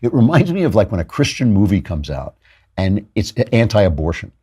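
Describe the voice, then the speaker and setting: A male host giving sardonic political commentary in a fast, animated way, with quick restarts. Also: fairly low pitch, breathy edge.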